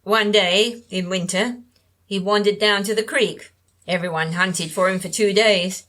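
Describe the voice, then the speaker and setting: A woman voicing a frail, evasive older woman in an audiobook, with a nasal voice and a halting, drifting way of talking, as if to herself. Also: mid-range voice, fairly even intonation, a bit bright, close to an everyday voice. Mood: bitter. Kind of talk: audiobook character reading.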